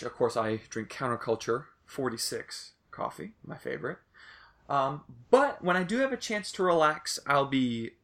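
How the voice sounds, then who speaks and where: A man's voice: mid-range voice, fairly bright tone. A young man hosting a casual sports podcast, rambling loosely and swearing now and then. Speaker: podcast host.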